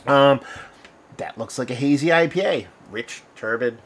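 A man of ordinary pitch chats his way through a beer review on camera. He rambles, restarts his sentences and fixes his words as he talks. A faint hum of room noise sits behind him. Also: a little slow. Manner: rambling, conversational, self-correcting. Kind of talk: casual video review.

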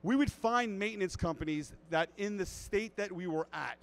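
A man giving a lively talk at a fish convention, telling anecdotes and addressing the crowd directly. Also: high-pitched, normal speed, vocal fry, low-quality recording. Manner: animated storyteller who acts out quotes. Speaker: guest speaker at a fish convention.

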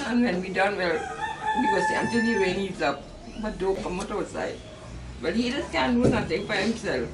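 An older woman with a Trinidadian accent giving a plain, heartfelt, halting account of receiving a new home. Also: mid-range voice, lively intonation, very noisy. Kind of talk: casual testimony. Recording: echoey, far from mic, with music.

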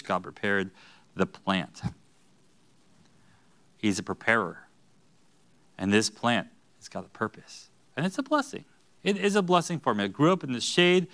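A man preaching a sermon in a church sanctuary, his pitch leaping up and down as he jokes and acts out quotes. His voice is bright and forward. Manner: animated, joking asides and acted-out quotes. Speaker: pastor.

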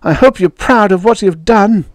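A man's voice: moderate pace, dry recording, natural voice. A man doing a screaming, grief-stricken woman. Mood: furious, anguished. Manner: raised pitch, screaming and shouting. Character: furious grieving woman, Francine.

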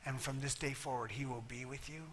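A man's voice: mid-range voice, steady tone, fairly quick, fairly bright tone, a little hiss or hum. A man preaching a sermon as pastor, plain-spoken and emphatic, acting out little voices for humor. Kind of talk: sermon with altar call. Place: church sanctuary.

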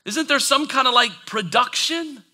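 A man's voice: very high voice, moderate pace, sharp tone, pitched above the performer's own voice, full character voice. A man voicing a proud army commander who rants in exasperation. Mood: indignant. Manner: exasperated, ranting.

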